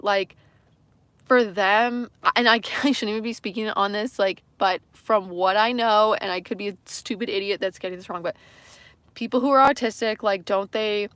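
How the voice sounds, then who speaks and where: A woman's voice: mid-range voice, fairly bright tone, no echo. A young woman from western Canada with a light Canadian accent, chatting casually on a livestream and answering comments in a rambling, self-deprecating way. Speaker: livestream host.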